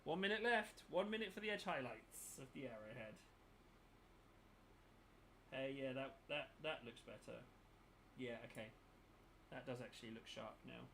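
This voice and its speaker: Male host, tense bright tone, rambling hobby chat, faint noise behind. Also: mid-range voice, lively intonation, normal speed, vocal fry, long pauses. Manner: thinks aloud, mutters while working. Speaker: miniature painting channel host. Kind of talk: casual chat while painting.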